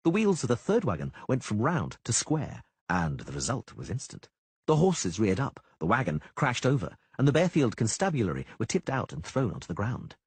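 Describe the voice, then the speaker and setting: A man's voice: medium pitch, wildly swooping pitch, normal speed, husky, no room sound. A man narrating a fantasy audiobook with a dramatic delivery on a close studio mic.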